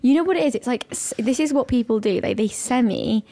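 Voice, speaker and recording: A young woman talks quickly on her podcast in a slightly high voice. She fills her speech with casual fillers and often breaks into giggles. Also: expressive, warm tone. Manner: rapid, chatty, giggly, many "like" fillers. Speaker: podcast co-host. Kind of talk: casual chat.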